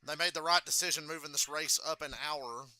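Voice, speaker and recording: Bright-voiced man chatting through a live race. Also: a little high, fairly even intonation, fairly quick. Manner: loose and chatty, swears, keeps clearing his throat. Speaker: live stream race reactor. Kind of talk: casual live reaction commentary.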